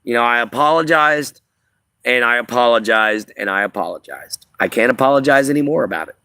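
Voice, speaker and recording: A man's voice: mid-range voice, animated, a little fast, bright, forceful tone, clear, resonant tone, no room sound. A man hosting a casual live stream, rambling to his viewers with lots of fillers. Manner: rambling, filler-heavy, talks to chat. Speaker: livestream host. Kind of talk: casual livestream chat.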